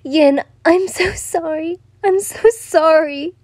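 A woman's voice: sits high, fairly even intonation, extremely slow, mellow, dry recording, clean studio sound, pitched above the performer's own voice. A woman voicing a frightened young woman who sobs and begs urgently. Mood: desperate. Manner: sobbing, urgent, begging.

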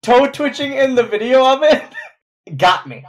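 A man hosting a casual chat podcast, halting and self-mocking as he talks. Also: extremely high pitch, big pitch swings. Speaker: podcast host.

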